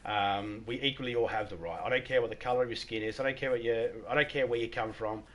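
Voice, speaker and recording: A man's voice: medium pitch, quick pace, a bit bright, lo-fi sound. A middle-aged Australian man chatting casually on a live stream, joking, swearing and laughing often.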